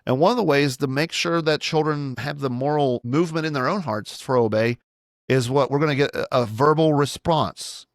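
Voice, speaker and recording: A man's voice: mid-range voice, normal speed, dry recording, clean studio sound. A man, a pastor, teaching parents on his own podcast in a plain-spoken, instructive way and repeating his key points.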